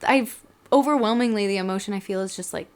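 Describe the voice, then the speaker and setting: A young woman co-hosts a podcast, chatting casually in a mid-range voice at a racing pace with a clean tone. She's talkative, uses "like" and other fillers constantly, and at times becomes tearful.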